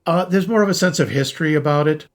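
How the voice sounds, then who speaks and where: A man co-hosting a casual podcast, playful and quick with reactions. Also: a little high. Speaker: podcast co-host.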